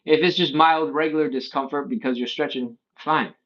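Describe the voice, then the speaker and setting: A man leading a live stretching workout, counting reps and breaths in a calm coaching manner. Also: a little high, moderate pace, muffled recording. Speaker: stretching instructor. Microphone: livestream setup.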